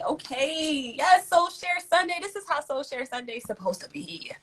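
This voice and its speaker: A woman's voice: sits high, very animated, normal speed, rough recording. Effusive young woman hosting a live stream. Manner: warm, effusive, uses slang and swears, reads chat aloud. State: near tears at times. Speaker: host of a live community stream. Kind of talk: casual livestream chat.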